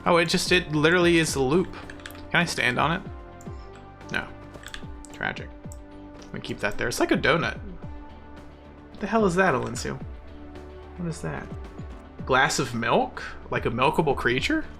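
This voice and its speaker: A man's voice: a little high, lively intonation, moderate pace, gravelly, pauses often, pushed and bright, soft background music. A man streaming a game live, chatting playfully with mock-boastful bragging and frequent laughter. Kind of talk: casual live-stream commentary while playing.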